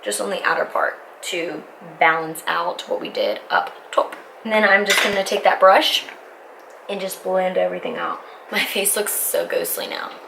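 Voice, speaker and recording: A woman's voice: on the low side, expressive, normal speed, gravelly. Young woman rambling through a makeup tutorial at home, chatty, keeps breaking off mid-sentence, faint hiss behind. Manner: rambling, self-interrupting, talks while applying makeup. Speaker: beauty vlogger. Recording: faint background noise.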